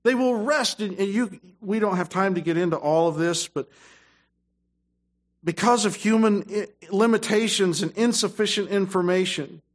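Emphatic preacher, swinging loud and soft. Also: male voice, normal speed. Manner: emphatic preaching, swings between low asides and loud raised passages. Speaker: pastor. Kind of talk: sermon.

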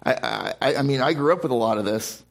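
A man's voice: mid-range voice, fast talker. A man preaching a sermon to a congregation as pastor, speaking emphatically and often repeating words and restarting phrases. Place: church service before a congregation.

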